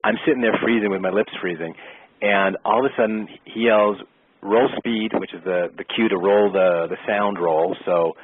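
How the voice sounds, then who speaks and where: Husky-voiced man telling a story over the phone. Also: sits low, normal speed, no room sound. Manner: lively storyteller who acts out quoted exchanges. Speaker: actor and interview guest. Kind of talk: casual storytelling anecdote. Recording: tinny phone-line sound, dry.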